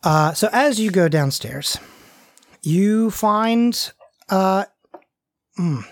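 A game master narrating a tabletop role-play, halting and full of fillers. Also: medium pitch, expressive, no echo. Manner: halting, many fillers and restarts.

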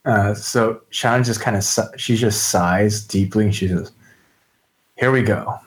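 A man's voice: lowish voice, fairly even intonation, moderate pace, poor audio. A man playing in a tabletop game, talking through his character's moves hesitantly, with many likes and restarts. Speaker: player.

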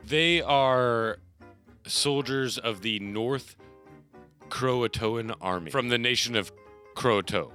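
Male game master, hesitant, many fillers, bright tone, faint music behind. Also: mid-range voice, slow pace. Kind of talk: narrating a tabletop game.

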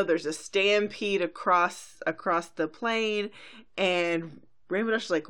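A woman co-host chatting casually about a cartoon episode. She is animated and slips into quick character voices as she narrates what happens. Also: lowish voice. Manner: animated, acts out characters' lines while retelling. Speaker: podcast co-host. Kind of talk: casual recap chat.

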